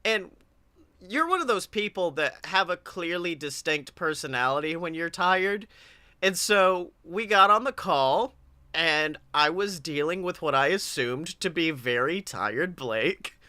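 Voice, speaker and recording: A man co-hosting a podcast, telling animated stories in casual chat and acting out what others said. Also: fairly high pitch, a little slow, no room sound. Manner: animated storyteller, acts out quotes, laughs often. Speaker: podcast co-host.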